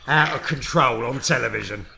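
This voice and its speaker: A man hosts a casual podcast and tells anecdotes to his listeners, laughing and swearing as he goes. His voice sits at a middling pitch. A faint hiss runs under the recording. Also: moderate pace, vocal fry, sharp tone. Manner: laughing, swearing storyteller who addresses listeners. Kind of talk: casual chat.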